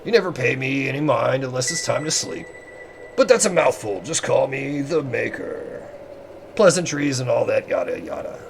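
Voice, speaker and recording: A man's voice: medium pitch, lively intonation, moderate pace, creaky, background noise. A man voicing a sly, shadowy male trickster spirit from a video game, with a theatrical, mocking manner.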